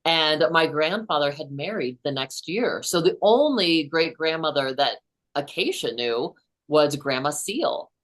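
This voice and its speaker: Guest in her 60s: low-pitched woman, earnest storyteller, chatty with frequent restarts. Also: lively intonation, unhurried. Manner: earnest, many restarts and "you know". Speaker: podcast host and author, guest. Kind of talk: storytelling in a casual interview.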